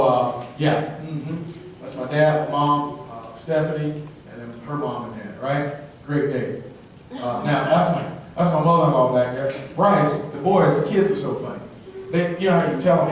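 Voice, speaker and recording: Energetic man speaking in an echoey hall. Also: on the high side, recorded from a distance, noisy background. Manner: energetic, storytelling, keeps asking "right?". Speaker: motivational speaker. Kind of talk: live sales rally talk.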